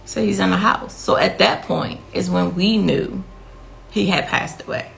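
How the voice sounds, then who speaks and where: A woman's voice: lowish voice, a little slow, creaky, a bit bright, low-quality recording. A woman, a grieving mother, giving a blunt and impassioned interview account, repeating herself for emphasis. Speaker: victim's mother telling her story.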